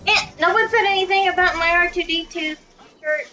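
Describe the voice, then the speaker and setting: A woman streaming a game live, chatting excitedly and squealing at wins. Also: very high voice, fairly quick. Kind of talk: live gameplay commentary. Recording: game music in the background. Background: music.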